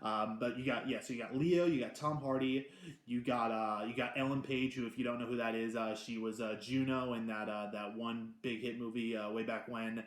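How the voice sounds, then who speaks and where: A man's voice: mid-range voice, normal speed. Rambling man reviewing movies in an echoey room. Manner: rambling, excitable, with frequent restarts and swearing. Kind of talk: casual unscripted movie review. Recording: roomy echo.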